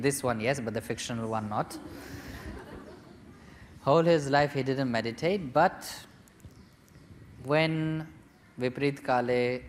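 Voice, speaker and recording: A man, a spiritual teacher, telling a story to a young seminar group in a lively, joking manner. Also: medium pitch, a little hiss or hum. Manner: lively, chatty, jokes and acts out quotes.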